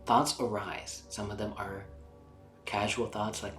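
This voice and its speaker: A man gently guiding a meditation as its teacher, soothing and unhurried, with some lines sinking to a near whisper. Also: on the low side, steady tone. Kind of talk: guided meditation. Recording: roomy sound with faint background music.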